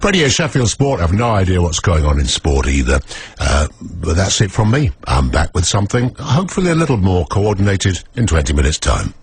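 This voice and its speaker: A man's voice: low voice, big pitch swings, a little fast. A British man presenting live radio news, getting flustered and self-deprecating when things go wrong.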